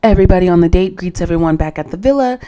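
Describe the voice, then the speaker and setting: A woman gives a casual recap of a reality dating show, sounding opinionated and often exasperated as she talks straight to her viewers. Her voice sits on the lower side for a woman, with a mellow, soft-edged tone. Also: expressive, rapid-fire.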